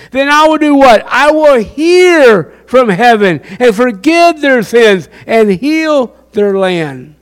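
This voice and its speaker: High-pitched impassioned preacher. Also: male voice, clear, resonant tone. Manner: impassioned, asks the crowd questions. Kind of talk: sermon.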